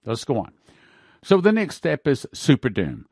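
A man preaching with fervent emphasis, his pitch leaping and dropping as he drives each point home. He repeats key words for force, and the sound is close and dry with no room around him. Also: huge pitch swings, normal speed, a little mellow, no room sound. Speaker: host of a prophecy broadcast. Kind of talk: preaching talk with ad reads.

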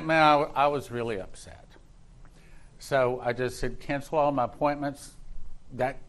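Emphatic male pastor telling a story. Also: medium pitch. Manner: emphatic, rising in intensity, repeats words for stress. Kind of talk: sermon with personal storytelling.

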